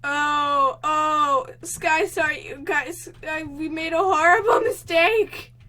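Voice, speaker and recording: A young woman with a high-pitched voice speaks slowly while hosting let's play commentary for her gaming channel, excitably reacting with gasps and panicky exclamations. There's slight background noise.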